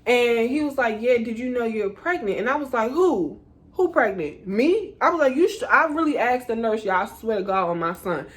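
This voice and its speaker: A woman's voice: fairly high pitch, expressive, a little fast, few pauses. A woman in her twenties telling a casual storytime to her viewers, acting out her own panic in quotes and calling them y'all. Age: 20s. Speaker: vlogger. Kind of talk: storytime vlog.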